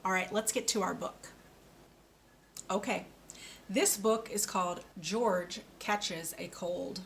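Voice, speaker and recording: A woman teaching a speech lesson for children, modelling each word slowly and clearly with patient coaching. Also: medium pitch, steady tone, fairly bright tone, a little hiss or hum. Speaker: speech therapist.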